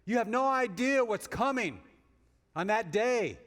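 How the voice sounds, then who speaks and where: A man giving a sermon as guest speaker, moving between emphatic rises and hushed storytelling. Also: very high-pitched, lively intonation, a little slow. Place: church sanctuary. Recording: long reverb of a large hall.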